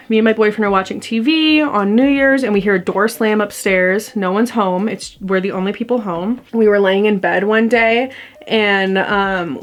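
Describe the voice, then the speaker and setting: A young adult woman telling a ghost story to her camera in a casual, rambling way, full of fillers. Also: mid-range voice. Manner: chatty, rambling, heavy use of "like". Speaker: vlogger. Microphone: camera mic.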